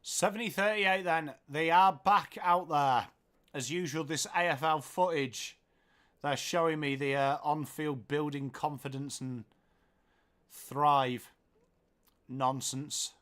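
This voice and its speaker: An English man speaks slowly with a fairly high pitch while hosting a live football watchalong. He commentates on the play, chats with viewers and reads their comments aloud, and he gets excited at goals.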